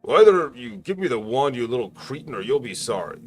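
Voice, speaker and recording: A man's voice: fairly low pitch, wildly swooping pitch, moderate pace, a bit bright, faint music behind, exaggerated voice. A man voicing a cranky, bullying old male wizard headmaster who barks insults. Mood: angry. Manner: barking, scornful insults.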